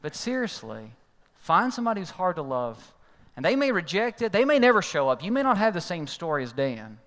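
In a large church hall, a pastor with a brisk, sing-song, somewhat bright voice preaches a sermon built around a story. He acts out the characters with sudden voice changes and big jumps in pitch, and the recording carries a long hall reverb.

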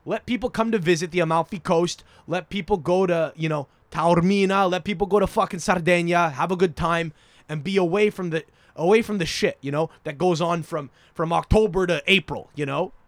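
A man hosting a solo podcast, rambling, profane and excitable, jumping between topics and often checking in with "you understand?". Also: high voice, brisk, no echo. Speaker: podcast host.

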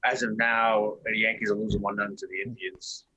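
Low, bright-voiced laid-back man. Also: level tone, brisk, breathy edge, no echo, rough recording. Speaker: podcast co-host. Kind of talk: casual podcast chat.

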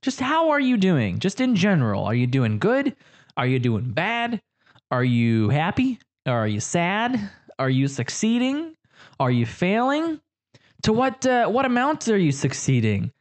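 Young male comedy podcast host; rambling, jokey, crude, lively pitch swings. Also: a little slow. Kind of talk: casual comedic monologue.

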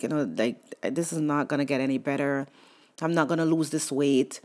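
A young woman talks openly about motherhood in a lowish voice. She speaks candidly and emotionally, stopping often on ums and you-knows. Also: darkish tone. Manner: candid, emotional, many fillers. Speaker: mother sharing her story. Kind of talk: personal testimonial.

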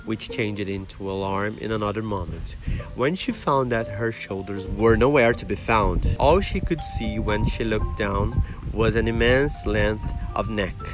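A man's voice: lowish voice, rough recording. Brazilian man reading a storybook aloud. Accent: Brazilian Portuguese. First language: Portuguese. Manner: careful, with Portuguese asides. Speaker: reader teaching English. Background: background music.

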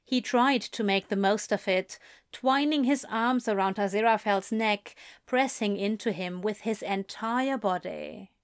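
A woman reading a romantic story aloud in a slow, measured way. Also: mid-range voice, clean tone. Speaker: reader. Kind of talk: reading fan fiction aloud.

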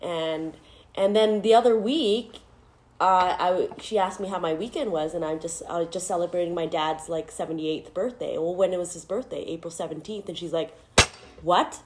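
A woman's voice: fairly low pitch, normal speed, darkish tone. A woman in her thirties, chatting casually as a host, laughing often and tearful at times. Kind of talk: casual chat.

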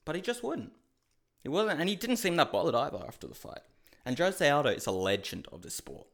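Talking fairly quickly in a slightly high voice with vocal fry, an MMA commentary host rants through a profane, casual fight recap and addresses viewers as "guys." He gets animated, shouting out reenacted outbursts.

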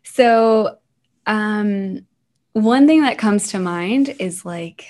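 Animated woman telling classroom stories. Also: medium pitch, very slow. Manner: animated, acts out the children's lines. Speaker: online teacher of young children. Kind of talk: casual interview storytelling.

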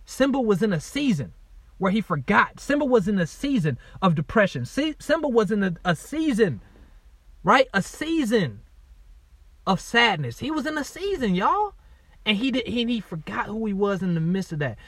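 A man with a high, bright voice delivers a punchy motivational talk. He repeats his lines, peppers them with "right?" and "y'all", and swings from quiet earnestness to loud urging. The sound is close and dry, with no room echo. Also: big pitch swings, moderate pace, slightly rough. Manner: repetitive, punchy, keeps asking "right?" and saying "y'all". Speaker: motivational speaker and author.

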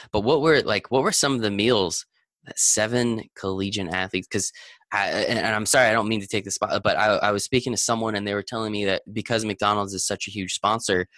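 A man's voice: fairly low pitch, bright, forceful tone, dry recording. A man hosting a casual interview, chatty and enthusiastic, asking long rambling questions. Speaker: podcast host.

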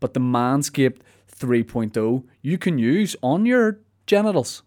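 A man's voice: mid-range voice, sing-song, slow pace, a little mellow. A man hosting his podcast from a studio, telling a comic story in a rambling, self-mocking way. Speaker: podcast host. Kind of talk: casual comic monologue.

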